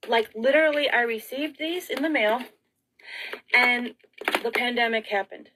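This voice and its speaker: A middle-aged woman rants straight to camera in a somewhat high voice. She sounds frazzled and close to tears, sighing, breaking off mid-sentence and firing off rhetorical questions. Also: normal speed, sharp tone, a little hiss or hum, rough recording. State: tearful. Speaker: vlogger. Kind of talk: emotional rambling monologue.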